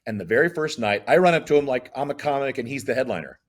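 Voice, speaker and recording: A man's voice: medium pitch, fast talker. A middle-aged man, a comedian, telling stories in a casual interview and acting out the dialogue. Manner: animated, acts out dialogue in voices. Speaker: comedian guest.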